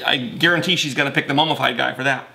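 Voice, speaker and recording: A man's voice: mid-range voice, fairly even intonation, quick pace, creaky, pushed and bright. A man casually explaining board game rules in a chatty, self-correcting way with many fillers.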